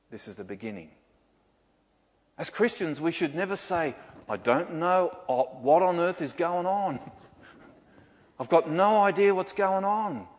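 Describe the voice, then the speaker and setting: An older man preaching a sermon as pastor, animated and full of rhetorical questions. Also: fairly high pitch. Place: church hall. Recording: dull sound with long hall reverb.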